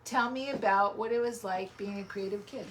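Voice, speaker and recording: A woman's voice: medium pitch, normal speed, fairly bright tone. Cheerful woman doing a casual interview, laughs a lot, faint background hiss. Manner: upbeat, laughs easily. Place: small home studio.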